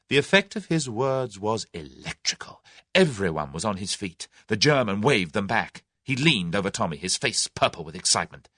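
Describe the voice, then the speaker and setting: A man reads an audiobook with expressive, animated storytelling. His voice sits on the low side and the close microphone gives a dry sound. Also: normal speed, no room sound. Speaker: audiobook narrator. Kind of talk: scripted narration.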